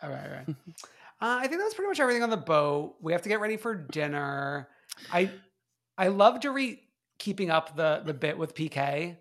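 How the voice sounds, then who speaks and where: A man's voice: on the high side, sing-song, fairly quick, a bit bright. A man co-hosting a podcast in casual chat, laughing often as he tells stories with animation. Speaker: podcast co-host. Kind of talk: casual chat recapping a reality show.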